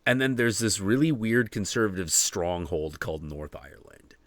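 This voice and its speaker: A man's voice: low-pitched, lively intonation, moderate pace, fairly bright tone, no echo. A man hosting a stream, chatting casually with loose swearing. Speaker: stream host. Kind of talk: casual profane chat.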